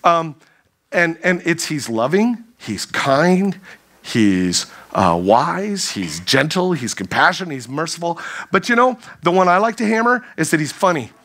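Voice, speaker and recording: A man giving a humorous youth sermon to a live audience, playful and animated as he jokes with the crowd. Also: fairly high pitch, unhurried. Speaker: youth speaker.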